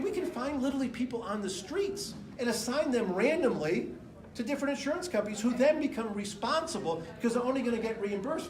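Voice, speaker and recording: A middle-aged man from the United States delivers an off-the-cuff campaign speech, his voice pitched notably high. He talks in a rambling, emphatic way, hopping from stories to statistics. The sound bounces around an echoey room. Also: slight background noise. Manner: rambling, emphatic, jumps between anecdotes and numbers. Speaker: political candidate. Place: indoor room with an audience.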